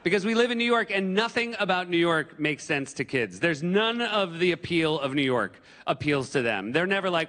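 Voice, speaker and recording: A man in his forties from New Hampshire doing animated stand-up comedy on a theater stage. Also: fairly high pitch, normal speed, few pauses. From New Hampshire, USA. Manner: animated, breaks into yelled impressions. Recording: stage mic in a reverberant hall.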